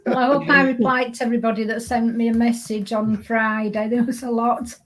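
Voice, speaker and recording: A woman with a Yorkshire accent chats on a podcast in a high, light voice. She sounds polite and friendly and keeps things easy as the co-host. Her talk stays relaxed and conversational. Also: fairly quick. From England. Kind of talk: casual chat.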